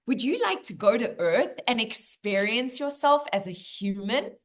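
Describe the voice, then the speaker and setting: A woman voicing the universe as a calm male presence who poses sweeping, inviting questions. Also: on the high side, measured pace.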